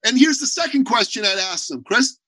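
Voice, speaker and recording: Guy on a video call podcast, high voice, punchy and blunt, no room sound at all. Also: brisk, breathy edge, no room sound, low-quality recording. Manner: emphatic, blunt, animated storytelling. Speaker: podcast guest, business owner. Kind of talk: energetic interview talk.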